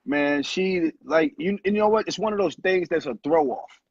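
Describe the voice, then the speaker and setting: A man in his thirties, a former pro basketball player and guest, telling animated stories in casual talk and acting out quotes. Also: a little high, moderate pace, dry recording. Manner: animated storyteller who acts out quotes. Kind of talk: casual storytelling interview. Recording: muffled lo-fi audio, husky.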